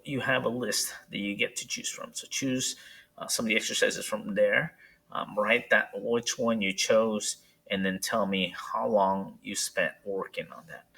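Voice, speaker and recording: Husky low-voiced male teacher. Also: rough recording. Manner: relaxed, explanatory, many fillers. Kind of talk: recorded homework instructions.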